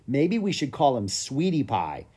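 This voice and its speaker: A man voicing a cheerful young girl who talks in a high, sweet and eager way in a storybook reading. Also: sing-song, unhurried, mellow, breathy edge.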